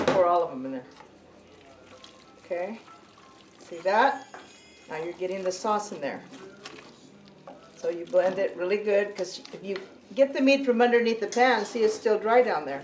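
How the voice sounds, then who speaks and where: A middle-aged home cook with a mid-range voice gives a casual demonstration of a family recipe in her kitchen, chatting, pausing to say okay, and correcting herself mid-sentence. The room is echoey, with a distant mic and faint hiss.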